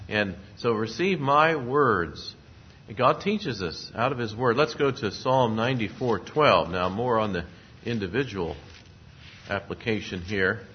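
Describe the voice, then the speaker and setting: A man preaching a sermon, speaking at a measured pace and lifting his voice when quoting scripture. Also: fairly low pitch. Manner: measured preaching, rising emphasis on scripture quotes. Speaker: pastor. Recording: dull lo-fi sound, faint noise.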